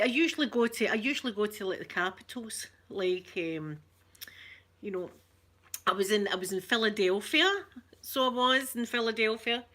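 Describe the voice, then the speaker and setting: Chatty older Scottish woman, bright voice. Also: medium pitch. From Scotland. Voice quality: chatty, rambling, self-correcting, laughs often. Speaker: livestream host. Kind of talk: casual live chat with viewers.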